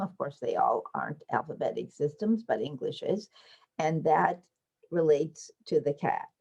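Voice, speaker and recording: A woman giving an online academic lecture with slides, explaining patiently and lifting into lively children's voices when she quotes them. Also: deep voice, slightly rough, lo-fi sound. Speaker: invited lecturer.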